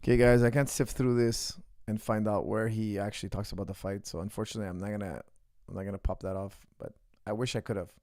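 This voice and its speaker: A man's voice: lowish voice, steady tone, fast talker, hardly any pauses, darkish tone, dry recording, clean studio sound. A man in his forties, a coach, talking casually to a live stream audience and repeating his points for emphasis. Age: 40s. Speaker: coach answering viewer questions.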